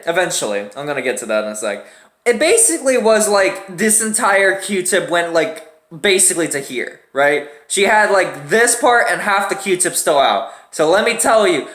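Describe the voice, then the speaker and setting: A man's voice: high voice, a bit bright, roomy sound. A young man telling a story in a casual, profane way, acting out the people he quotes with laughs and grunts.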